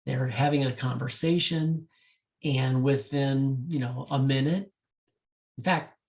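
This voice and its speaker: A man working as a wedding DJ, speaking directly to couples and telling a love story in an animated way. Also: medium pitch, slow, vocal fry.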